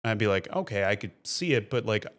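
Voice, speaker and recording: A man's voice: lowish voice, animated, fast, a bit bright. Analytical, teasing man in casual chat. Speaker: podcast co-host.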